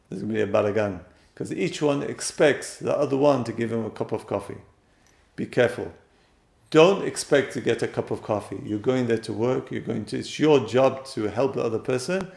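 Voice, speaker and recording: A man's voice: medium pitch, moderate pace, gravelly, a little mellow. A man giving a spoken lesson on marriage, emphatic and direct, often repeating his key points to listeners. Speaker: teacher giving marriage guidance. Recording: roomy echo.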